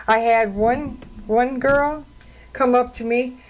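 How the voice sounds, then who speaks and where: A woman's voice: fairly high pitch, fairly even intonation, slow, poor audio. A woman radio host and counselor talking on her own into a studio microphone, telling stories in an indignant, conversational way. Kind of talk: solo radio talk commentary.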